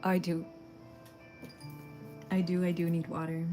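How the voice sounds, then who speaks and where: A young woman streamer with a somewhat low voice talks casually to her chat, bubbly and quick to giggle. Faint game music plays softly in the background. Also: flat delivery. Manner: bubbly, giggly, chatting to viewers. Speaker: livestreamer.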